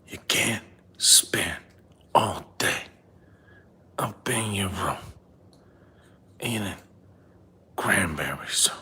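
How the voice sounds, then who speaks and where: A man doing a husky nagging bus-driver dad. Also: low-pitched, heavily acted. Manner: scolding, repetitive, drops to hushed whispers. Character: nagging middle-aged father, bus driver, big-nosed. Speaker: comedian. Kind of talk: comedy character monologue.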